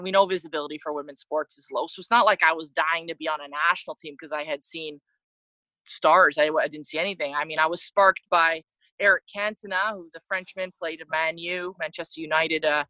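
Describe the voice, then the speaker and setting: A woman from Canada speaking in a bright, clear voice. She tells her own story in a candid, reflective way, often restarting her sentences. The sound is close and dry. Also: sits low, brisk, no room sound, poor audio. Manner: reflective, with frequent restarts and laughs. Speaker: interview guest, former soccer player.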